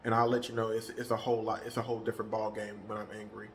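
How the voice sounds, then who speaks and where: A man's voice: fairly low pitch, completely flat delivery, racing, slight background noise. A man talks loosely into the camera for his fitness vlog. His sentences wander and often restart, with lots of filler words, in an unscripted chat. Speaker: fitness vlogger. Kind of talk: casual vlog monologue.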